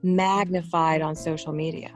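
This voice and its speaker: A woman's voice: deep voice, little pitch movement, moderate pace, faint music behind. A woman with a New York accent, talking earnestly as a podcast guest and telling stories about growing up. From New York area. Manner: earnest, talkative, storytelling. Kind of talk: casual conversation.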